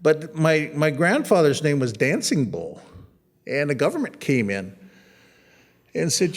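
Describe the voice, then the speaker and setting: A man in middle age gives a casual museum talk about his own artwork, his voice sitting a little higher than most men's. He wanders from story to story, stumbles over his own words, and breaks in with small jokes. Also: big pitch swings, measured pace, pauses often. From United States. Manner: rambling, anecdotal, with self-corrections and a joking tone. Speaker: artist giving a talk about his photographs. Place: art museum.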